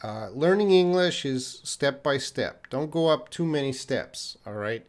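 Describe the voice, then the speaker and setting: A man from Canada teaching English on a live stream, answering viewers' chat questions patiently and slowly with many pauses. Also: mid-range voice, animated. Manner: slow, patient, repeats student names and pauses with uh; drinks tea while talking to the camera.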